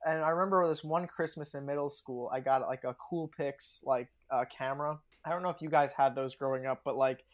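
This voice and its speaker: A young adult guest in a relaxed podcast conversation. Talks loosely with many fillers and breaks into laughs often, at an ordinary middle pitch. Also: a little fast, hardly any pauses. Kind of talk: casual podcast interview.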